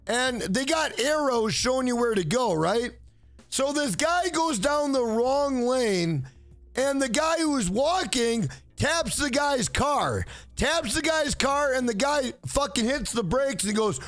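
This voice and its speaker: A young man streaming from home with a very high voice that jumps all over, hyped and swearing. He shouts shout-outs and rambles through stories in loud casual chat, with dry close sound and a faint music bed. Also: no echo. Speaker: livestreamer.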